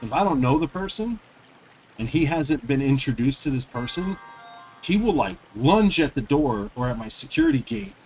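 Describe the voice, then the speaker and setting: A man's voice: fairly high pitch, very animated, normal speed, darkish tone, faint music behind, rough recording. Rambling, chatty male gaming streamer. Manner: rambling, loose, lots of fillers. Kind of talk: casual chat while playing.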